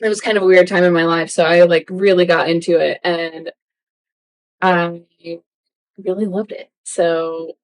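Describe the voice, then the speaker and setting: A woman's voice: on the low side, steady tone, a little slow. A woman co-hosting a podcast in casual chat, chatty and full of "like". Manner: chatty, uses "like" a lot. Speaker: podcast co-host.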